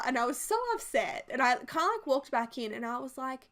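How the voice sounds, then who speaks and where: A young woman in her twenties tells a rambling personal story in a casual, chatty way. Her voice sits a little high, and she fills her sentences with "like" as she goes. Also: a little fast. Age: 20s. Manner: chatty and animated, heavy use of "like". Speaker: video creator. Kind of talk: casual storytelling over a build video.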